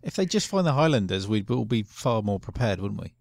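A man's voice: on the low side, very animated, a little fast, gravelly, darkish tone, no room sound. A man co-hosting a podcast in casual chat, laughing easily and answering with short agreements. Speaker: podcast co-host.

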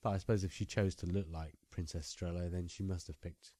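A man's voice: deep voice, steady tone, fairly quick, warm tone, no echo. A man hosting a podcast, chatting casually and reading out listener questions. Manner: chatty, reads out listener emails.

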